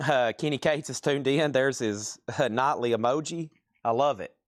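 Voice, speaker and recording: A man hosting a live record sale stream, briskly rattling off prices and bidder names. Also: mid-range voice, dry recording, studio quality. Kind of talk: live sales stream, calling bids.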